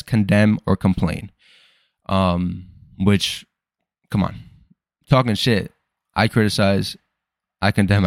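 Rambling low-voiced man, casual and profane. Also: dry recording, clean studio sound. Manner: rambling, profane, self-deprecating. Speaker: podcast host. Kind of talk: casual personal monologue.

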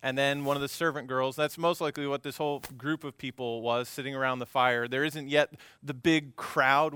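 A pastor preaching a conversational sermon to a congregation, telling the story with lively asides and humor. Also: male voice, fairly high pitch, smooth, no echo, clean studio sound. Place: church service before a congregation.

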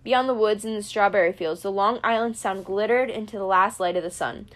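A woman narrating a first-person audiobook with steady storytelling. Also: mid-range voice, fairly quick. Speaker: audiobook reader.

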